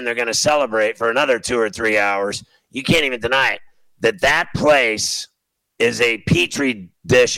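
A man's voice: medium pitch, bright, forceful tone, no room sound, rough recording. A man hosting a talk show, delivering a blunt, exasperated, opinionated monologue.

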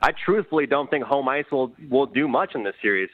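Man on phone line, level mid voice, calm reasoned take, thin tinny sound. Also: medium pitch, fairly quick, dry recording. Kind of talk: sports debate.

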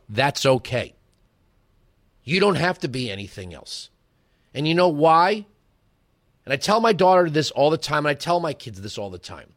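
A man's voice: fairly high pitch, a bit bright. A man in his forties hosting a political talk radio show, giving an emphatic, rhetorical monologue that moves between lecturing and storytelling.

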